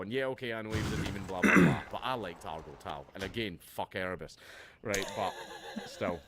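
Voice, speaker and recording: A livestream host delivering a heated, profane, sarcastic reaction rant. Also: male voice, fairly low pitch, expressive, a little fast, vocal fry, a loud crowd. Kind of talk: ranting reaction commentary. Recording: noticeable background noise.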